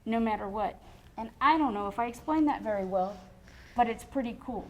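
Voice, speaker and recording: Chatty woman music teacher, slightly high voice. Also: moderate pace, a little mellow. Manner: chatty and encouraging, hums rhythms. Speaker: music educator. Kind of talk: explaining music to a child on air. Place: TV studio.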